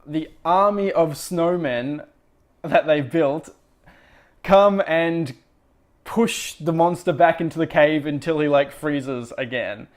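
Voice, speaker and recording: A man's voice: a little high, slow pace. Wry rambling man recapping a book. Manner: rambling, filler-heavy, wry asides. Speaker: podcast host.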